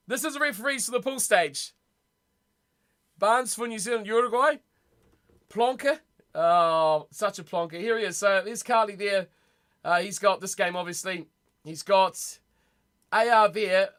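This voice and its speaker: A young man hosting a casual live-stream rugby watch party from home, chatty and excitable, reacting aloud to his chat. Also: high voice, moderate pace. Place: home room.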